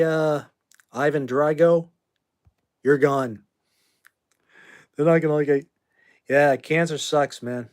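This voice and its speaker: A man in his fifties from the United States, hosting a livestream in a brash, rambling, trash-talking way while answering viewer comments. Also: on the high side. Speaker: livestream host.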